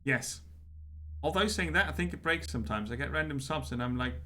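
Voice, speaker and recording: A man's voice: fairly high pitch, animated, a little fast, bright, forceful tone, a little hiss or hum. A man streaming a game live, chatting to his viewers and laughing often. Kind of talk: live gameplay commentary.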